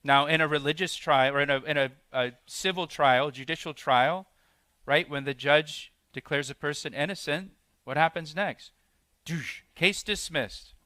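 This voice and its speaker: A man's voice: a little high, moderate pace, pushed and bright, dry recording. A man preaching an expository sermon as pastor, walking through a passage verse by verse and acting out the quoted questions.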